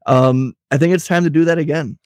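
A man's voice: a little high, fairly even intonation, a little fast, darkish tone, no echo, studio quality. A man co-hosting a casual political chat show, rambling and swearing freely. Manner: rambling, profane, crude. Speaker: podcast co-host.

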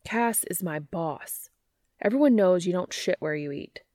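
A woman voicing a gruff, sardonic young man in a read-aloud story. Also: fairly low pitch, expressive, measured pace, warm tone, no echo, studio quality. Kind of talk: fan fiction audiobook reading.

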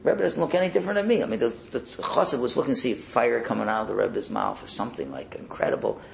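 A man teaching a Torah lesson as a sermon, telling stories in an animated way and acting out the voices in them. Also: mid-range voice, quick pace, creaky, a little hiss or hum, low-quality recording. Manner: animated storyteller, acts out the voices in his tales. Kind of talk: storytelling sermon.

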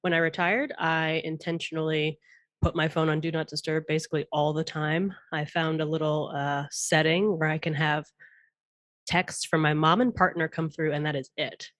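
A woman in her thirties, a podcast guest, talking in a chatty, animated way and laughing often. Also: deep voice, normal speed, dry recording. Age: 30s. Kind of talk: casual interview chat.

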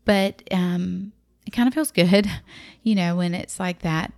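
A woman telling a personal story in a reflective, vivid way, sometimes dropping to a hush. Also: on the low side, a little slow, no room sound, clean studio sound.

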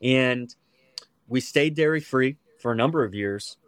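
A man's voice: medium pitch, measured pace, clear, resonant tone, no echo. A young American man, a podcast guest, telling his story casually with fillers and restarts. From United States. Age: young adult. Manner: relaxed, with frequent fillers and restarts.

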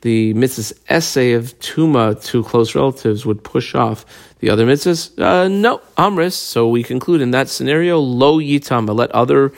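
A man's voice: medium pitch, normal speed, creaky, a little mellow. A man giving a casual Talmud lesson, explaining a passage step by step and mixing Hebrew and Aramaic terms into his English. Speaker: Talmud teacher.

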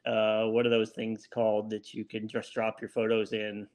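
A man in his forties with a Louisiana accent, a guest talking casually in an interview, laid-back and quick to chuckle at himself. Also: on the low side, completely flat delivery.

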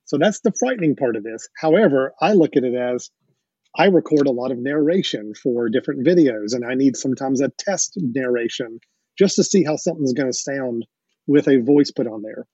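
A man's voice: mid-range voice, lively intonation, fairly quick, mellow, breathy edge, dry recording. A man hosting a podcast, explaining things with enthusiasm and the odd chuckle, on dull lo-fi audio. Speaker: podcast host. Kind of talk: casual podcast chat.

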